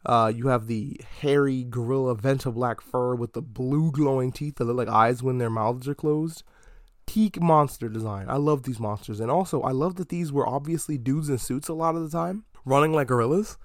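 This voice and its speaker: A man hosting a podcast, chatting casually about a movie in an animated, swearing way. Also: mid-range voice, normal speed, dry recording, clean studio sound. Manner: animated, profane, slips into mock slang quotes. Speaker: podcast host. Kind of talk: casual movie review monologue.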